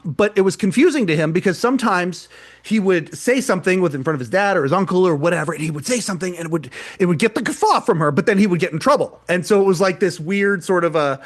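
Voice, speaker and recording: A man's voice: sits high, lively intonation, quick pace. A man co-hosting a podcast, retelling a live show in casual chat, rambling and repeating words as he goes. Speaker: podcast co-host.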